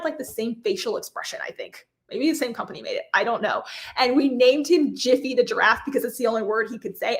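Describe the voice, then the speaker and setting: On a live craft stream, a chatty, bubbly woman in her thirties talks giveaways in a somewhat high, slightly bright voice. Laughter comes often, as do apologies when she fumbles names.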